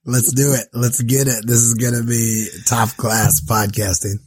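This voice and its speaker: A sick man with a hoarse, raspy voice, self-mocking and crude, co-hosting a casual comedy podcast. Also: mid-range voice, level tone, unhurried, no echo. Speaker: podcast co-host.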